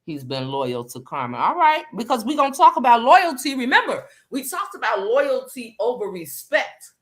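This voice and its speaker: A woman hosting a casual live chat, animated and slangy, greeting viewers by name as she talks. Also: on the high side, normal speed. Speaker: livestream host.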